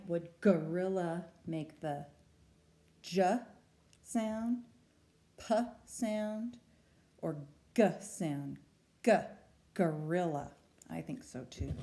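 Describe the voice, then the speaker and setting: A woman's voice: fairly low pitch, warm tone. A woman teacher leading a phonics lesson for young children, patiently sounding out letters and words. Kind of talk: early-learning phonics lesson.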